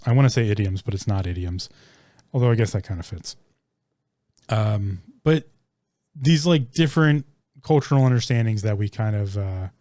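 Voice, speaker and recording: A man's voice: medium pitch, a little mellow, no echo, studio quality. A man hosting a solo podcast, rambling with many ums and restarts, casually swearing as he searches for words. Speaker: podcast host.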